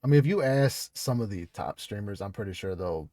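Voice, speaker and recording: A man hosting a relaxed podcast interview over a video call. He laughs a lot, swears casually and fills his speech with "you know" and "like". The sound is dry and close, with almost no room echo. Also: lowish voice, fairly quick. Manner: laughs often, loose and profane, many fillers. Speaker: podcast host.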